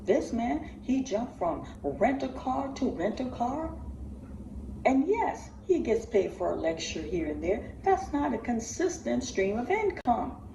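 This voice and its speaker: An emotional woman pleading and halting as she comments on a livestream. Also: a little high, sing-song, creaky, recorded from a distance. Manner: impassioned, pleading, halting with repeats. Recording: echoey room, from the mic, faint noise.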